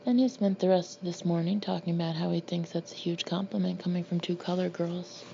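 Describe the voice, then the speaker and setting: A woman narrates her own memoir in a dry, sardonic, deadpan voice. Her tone is warm and low-key. The recording is slightly muffled, with a faint hiss behind her. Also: a little fast, gravelly. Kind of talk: audiobook narration.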